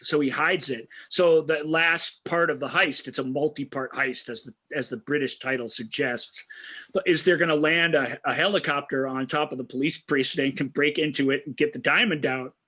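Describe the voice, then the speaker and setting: Bright-voiced man chatting eagerly about films. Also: on the high side, steady tone, normal speed, husky. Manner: enthusiastic, restarts sentences often. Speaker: co-host of a movie review show. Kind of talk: casual film discussion.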